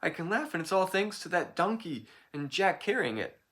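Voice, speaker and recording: A woman's voice: fairly low pitch, sing-song, normal speed, pitched above the performer's own voice. A man putting on a giddy young girl. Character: glum young squire's daughter, newly laughing.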